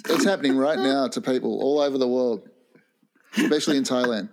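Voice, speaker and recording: A man with a mid-pitched voice tells a story in casual chat. He keeps his delivery dry and understated. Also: brisk, noisy background.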